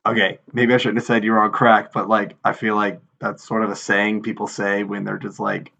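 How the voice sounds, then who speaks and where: A man in his thirties with a gravelly, fry-laden voice sitting slightly low in pitch, co-hosting a casual podcast chat. He tells stories animatedly and acts out quotes with exasperation. The audio sounds dull and lo-fi. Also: flat delivery, fairly quick, sharp tone. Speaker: podcast co-host.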